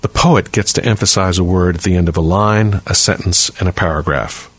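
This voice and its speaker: Deep-voiced man reading a writing lesson. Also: fairly bright tone, no room sound. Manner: measured, clear and deliberate reading. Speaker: writing teacher, podcast host. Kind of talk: scripted instructional reading.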